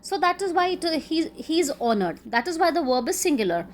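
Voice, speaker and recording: A high-pitched woman with an Indian English accent gives a classroom grammar lecture. She explains each rule patiently and repeats the examples slowly. A faint hiss of noise sits under her voice. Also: big pitch swings. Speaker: teacher.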